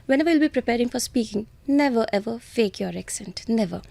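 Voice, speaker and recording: A woman's voice: a little high, lively intonation, quick pace, creaky, warm tone, no room sound. A woman with an Indian English accent, an IELTS trainer giving earnest, instructive answers in a podcast interview and speaking straight to students.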